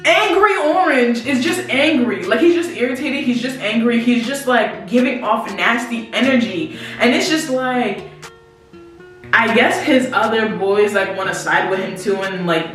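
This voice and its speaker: A young woman telling a story to her viewers in a lively, slangy way, talking straight to them. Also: a little high, measured pace. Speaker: vlogger. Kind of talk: casual storytelling to camera. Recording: very echoey room, distant mic, faint music.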